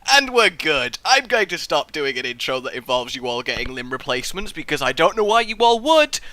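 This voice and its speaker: Hyper, high-voiced young man gaming. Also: fairly quick, no room sound. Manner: excitable, goofy and rambling, swears freely. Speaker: let's play host. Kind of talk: rambling gameplay commentary.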